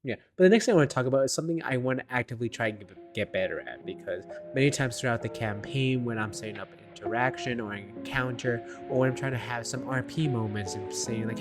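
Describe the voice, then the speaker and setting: A man's voice: medium pitch, fast talker, over music. A young man talking casually to camera as a dungeon master, rambling and self-deprecating with nervous laughs, into a desk microphone.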